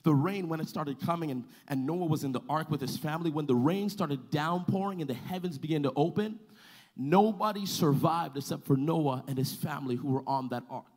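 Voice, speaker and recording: A man preaching a sermon to his church, calling for responses and building to loud, sung-out climaxes. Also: fairly high pitch, a little fast. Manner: preaching with call-and-response, swelling to shouts. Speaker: pastor.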